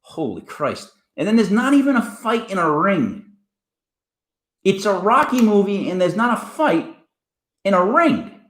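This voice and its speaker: A man's voice: sits high, very animated, unhurried, a bit bright, reverberant. An older man hosting a sports talk show, giving his casual opinions with rambling restarts and plenty of fillers. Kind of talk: casual opinion rant to camera.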